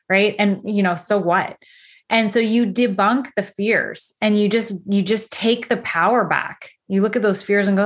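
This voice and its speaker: A woman in her thirties giving a candid, energetic motivational talk as a coach, full of casual fillers. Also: mid-range voice, moderate pace.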